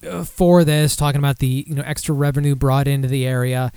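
A man's voice: medium pitch, fairly quick, few pauses, dark tone, clear, resonant tone, dry recording. A man hosting a podcast, reading news aloud in a loose, casual way with profane, sarcastic asides. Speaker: podcast host.

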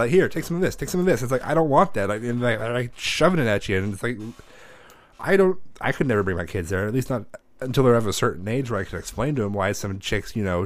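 A man in his thirties telling a story in a casual chat, animated and profane, acting out the voices of the people in it. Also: fairly low pitch, no room sound.

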